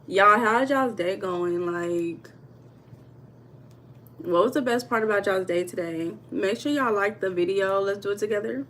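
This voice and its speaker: A woman from the United States chatting casually with viewers on a tarot livestream from home, reading their comments aloud in relaxed slang. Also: mid-range voice, unhurried, pauses often, slight background noise. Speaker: tarot reader streaming live. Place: home room.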